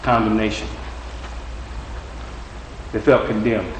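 A man's voice: lowish voice, steady tone, slow pace. A male preacher giving a folksy, repetitive, encouraging sermon. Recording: very echoey room, distant mic, faint noise.

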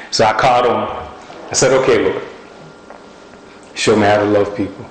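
A man preaching a sermon, telling personal stories in a lively, folksy way and sometimes quoting what God said to him. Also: lowish voice, a little slow, echoey room, a little hiss or hum, poor audio. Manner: animated storytelling, folksy speech.

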